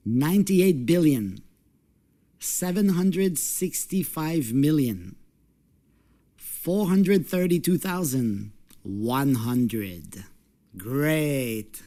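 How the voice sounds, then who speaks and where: An English teacher presenting a recorded video lesson, encouraging the viewer with questions and stressing syllables deliberately. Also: mid-range voice, dark tone.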